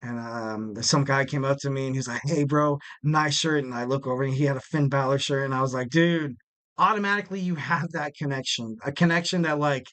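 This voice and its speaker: A man's voice: mid-range voice, fast, hardly any pauses, a bit bright. A young man hosting a wrestling podcast in casual solo chat, rambling and joking with plenty of fillers. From West Coast of the United States. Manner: rambling, jokey, lots of fillers.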